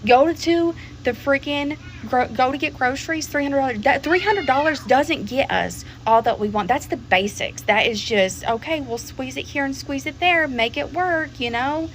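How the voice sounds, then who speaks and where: A woman's voice: sits high, normal speed, few pauses, slight background noise. A woman venting to camera in an exasperated, emphatic rant, repeating herself.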